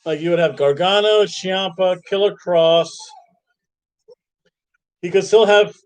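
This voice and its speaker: A man's voice: sits high, measured pace, low-quality recording. A man hosting a wrestling review podcast, chatting casually and thinking aloud, often restarting his sentences. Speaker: podcast host.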